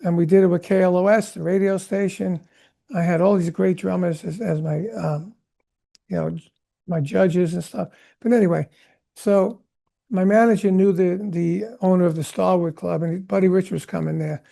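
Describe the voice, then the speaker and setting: A man in his seventies, a guest drummer, telling rambling, animated stories in a casual interview. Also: high-pitched, normal speed, vocal fry. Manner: animated rambling anecdotes, acts out quotes. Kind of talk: storytelling interview chat.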